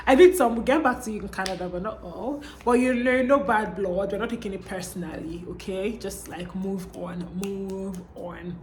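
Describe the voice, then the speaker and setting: A woman's voice: mid-range voice, fairly quick, few pauses, noisy background. A young woman with a Nigerian accent, talking casually to her viewers in a chatty vlog and often tagging her lines with "okay?". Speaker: vlogger.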